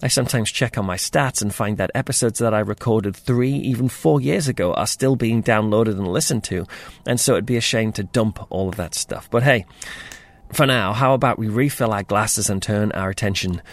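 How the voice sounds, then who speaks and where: A man's voice: lowish voice, normal speed. A man hosting a podcast, chatting through his topic with self-deprecating asides. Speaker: podcast host. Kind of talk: casual scripted podcast talk.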